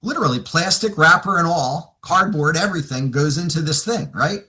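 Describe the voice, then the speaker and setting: A man's voice: a little high, lively intonation, normal speed, pushed and bright. A man training financial advisors, telling stories and acting out both sides of his client conversations. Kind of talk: seminar talk with acted dialogue.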